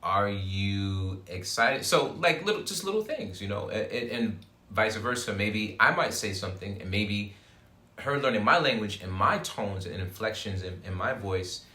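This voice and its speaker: Male co-host, serious and dry-humored, lowish bright voice, echoey room. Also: animated, normal speed. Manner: serious, thoughtful, joking dryly. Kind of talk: casual chat.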